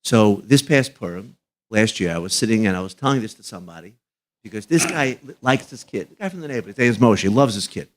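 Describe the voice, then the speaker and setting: A middle-aged man, a rabbi, talks at a live fundraising broadcast. He tells his stories with emphasis and drops his voice low on the sad moments. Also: lively intonation, fast talker. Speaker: rabbi and guest speaker.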